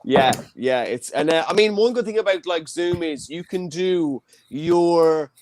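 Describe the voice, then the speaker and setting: Young irish guy hosting a comedy show from his bedroom, a bit high pitched, quick jokey chat on a video call. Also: a little hiss or hum. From Ireland. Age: 20s. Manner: joking, chatty stand-up delivery. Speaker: host. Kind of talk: live online comedy hosting. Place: childhood bedroom.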